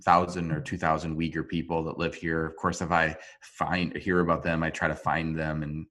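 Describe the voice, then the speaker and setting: Man, deep voice, interview guest, earnest, halting, video call audio. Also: flat delivery, sharp tone. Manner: earnest, halting, with frequent restarts. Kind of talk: remote interview.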